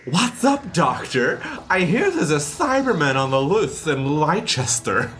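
A man's voice: a little high, sing-song, unhurried, a bit bright, pitched above the performer's own voice. A man voicing a young female companion in a raised, perky, chatty voice.

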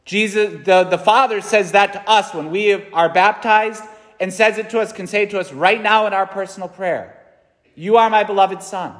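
A fairly high-pitched man in his thirties preaches a homily in an earnest, conversational way, often tossing in a quick "right?". His voice carries a long reverb from the large church around him. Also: fairly bright tone. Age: 30s. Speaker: priest. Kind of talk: sermon.

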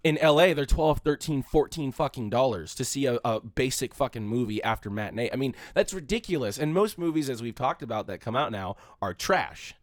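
Man from california, fast-talking, profane, rambling, dry close mic. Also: mid-range voice, expressive, dry recording. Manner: profane, rambling, shouts when quoting people. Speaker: podcast co-host. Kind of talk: casual podcast chat.

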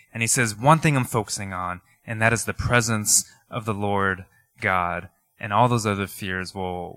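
A man's voice: lowish voice, no room sound, clean studio sound. A man, preaching a sermon in a conversational, storytelling way with many fillers. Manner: conversational, animated storytelling with laughs and filler words. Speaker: pastor. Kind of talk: sermon with personal stories.

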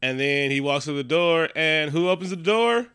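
Bright, animated man recapping a movie. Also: fairly high pitch, moderate pace, clean tone. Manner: animated, profane retelling with quoted character lines and frequent laughs. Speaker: podcast co-host. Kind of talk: casual movie recap chat.

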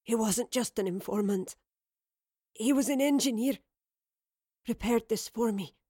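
A woman's voice: fairly high pitch, mellow, dry recording. A stern female commander lies dying, her voice strained and gasping, each phrase forced out between breaths, as a woman reader plays her. It sounds like an audio drama reading. The sound is close and dry, with no room around it. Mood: strained, urgent. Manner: halting, breathy, urgent.

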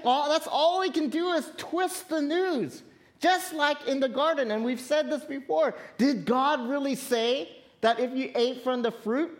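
A woman pastor giving a sermon in an earnest, conversational way, calling out to her congregation. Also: high-pitched. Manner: earnest, conversational preaching with direct appeals to the congregation.

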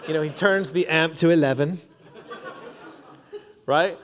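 A man's voice: a little high, measured pace, fairly bright tone, a faint crowd. A man in his forties preaching a sermon in a casual, slangy storytelling way, recorded in a church auditorium. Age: 40s. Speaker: pastor. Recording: long reverb of a large hall.

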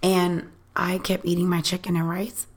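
A young adult woman telling a candid, profane dating story in a casual, animated chat. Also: fairly low pitch, normal speed, slightly rough.

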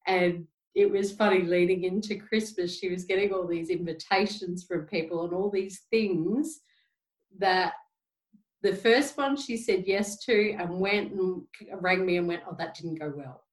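A woman in her forties speaking gently and reflectively in a casual podcast chat, telling stories. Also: fairly low pitch, unhurried. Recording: roomy echo, distant from mic.

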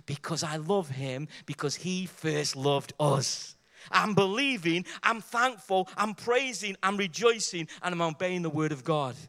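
A man preaching a sermon, emphatic and fervent, driving his points with rhetorical questions and repeated exhortations. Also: sits high.

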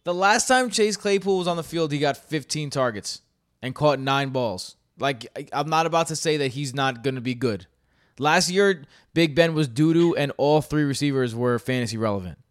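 A man's voice: a little high, moderate pace, no room sound, studio quality. Joking man co-hosting a sports podcast. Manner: animated, joking, swears casually. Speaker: podcast co-host. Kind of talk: casual chat.

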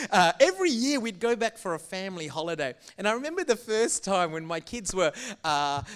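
Animated, conversational middle-aged preacher. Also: male voice, sits high. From Malaysia. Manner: animated, conversational, engaging the crowd. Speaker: pastor. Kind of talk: sermon.

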